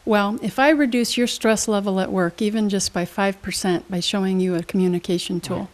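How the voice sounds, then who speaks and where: Speaking a little quickly at a medium pitch, a woman keeps her tone steady. She is a motivational speaker and trainer being interviewed in a studio, delivering emphatic, teacher-like answers laced with quiz questions.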